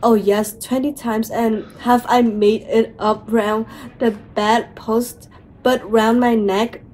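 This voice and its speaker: A woman voicing an exasperated father who complains loudly about his tie, with faint room noise behind. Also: a little high, flat delivery, takes it slowly.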